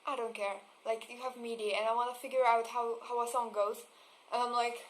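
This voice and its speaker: A woman's voice: on the high side, level tone, brisk, slight background noise, rough recording. A young woman vlogger in a casual, swearing rant about things she dislikes, laughing often. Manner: swearing, laughing, exasperated asides; mocks voices with exaggerated vocal fry. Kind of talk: casual ranting monologue.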